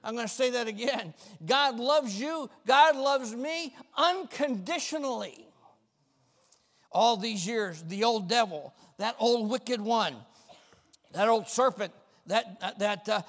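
A male pastor preaching a fervent sermon with folksy, self-mocking humor, swinging between shouts and quiet talk. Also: high-pitched, animated, unhurried. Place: church sanctuary. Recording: long reverb of a church hall.

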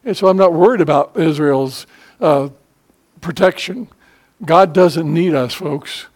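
An older man preaching a sermon as pastor, conversational and emphatic, with frequent pauses to gather his words. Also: on the high side, a little mellow. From United States.

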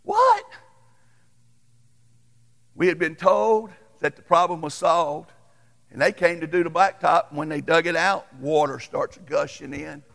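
A man's voice: on the high side, steady tone, gravelly, fairly bright tone, big-room sound. A middle-aged male pastor, preaching a folksy, conversational storytelling sermon. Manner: folksy, conversational, quick to chuckle.

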